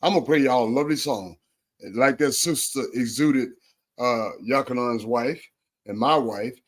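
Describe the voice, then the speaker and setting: A man's voice: medium pitch, normal speed. A man hosting a streamed religious talk show, preaching in repeated, building phrases. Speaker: host.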